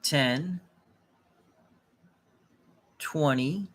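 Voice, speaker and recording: A man's voice: a little high, extremely slow, fairly bright tone. A man casually thinking aloud as he plays a tabletop dice game, often muttering and correcting himself. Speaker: tabletop game player and channel host.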